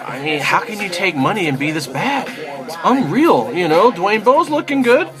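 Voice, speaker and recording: A man's voice: high-pitched, sing-song, moderate pace, over music. A man giving a casual, rambling rant as a football fan, exasperated and swearing, with lots of fillers like "you know" and "man".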